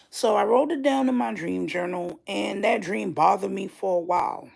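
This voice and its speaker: A woman's voice: mid-range voice, gravelly, a little mellow. A woman telling a personal dream story casually and candidly, swearing freely as she talks. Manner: slow and drawn out. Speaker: vlogger.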